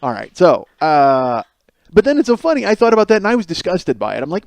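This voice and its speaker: A man in his forties hosts a solo comedic podcast, rambling, swearing and poking fun at himself. His voice sits on the high side with a darkish tone, and he talks fast and with a lot of animation. The recording has no echo.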